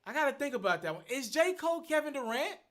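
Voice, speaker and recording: High, bright-voiced man on a live stream. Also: very animated, fast. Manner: thinks aloud, repeats himself, earnest. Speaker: host. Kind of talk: live-stream commentary answering viewer questions.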